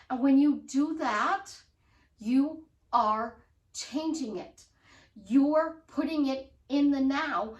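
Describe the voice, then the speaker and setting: A woman life coach giving an animated motivational talk, acting out excited affirmations. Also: sits high, echoey room, far from the mic, rough recording.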